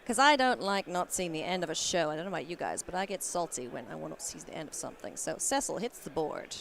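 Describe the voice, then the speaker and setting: A woman doing live card game commentary at a tournament, playful and quick to laugh. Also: gravelly. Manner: playful, laughs often, animated swings in pitch. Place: convention hall.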